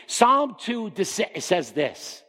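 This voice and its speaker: Emphatic preacher in a reverberant hall. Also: male voice, extremely slow. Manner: emphatic, rising to high excited peaks and dropping low. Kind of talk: sermon.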